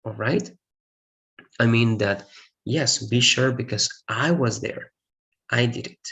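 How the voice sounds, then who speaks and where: This is a man whose first language is Spanish, teaching an English grammar lesson. His mid-range voice carries a gravelly edge. He walks through each point step by step, repeats himself for clarity and often checks in with the class. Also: mid-range voice, slow, a bit bright. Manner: explains step by step, repeats points, asks "all right?".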